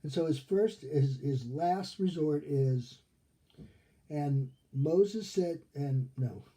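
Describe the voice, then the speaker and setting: A male rabbi teaching scripture in a relaxed, chatty way, often pausing to ask "okay?" His voice sits a little high but sounds very dark and mellow. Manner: conversational, checks in with frequent "okay?"; acts out quoted characters in his retelling. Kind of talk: casual Torah study lesson.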